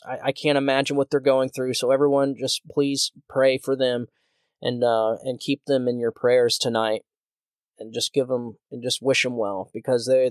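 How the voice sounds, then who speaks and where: A man hosts his own solo political commentary podcast, ranting heatedly with many restarts and repeated words. His medium-pitched voice is clean, captured in a dry, clean studio recording.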